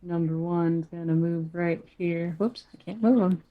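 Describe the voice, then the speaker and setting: Lower-voiced woman running the game. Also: steady tone, narrow, tinny audio. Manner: brisk and matter-of-fact about rules. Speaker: game master.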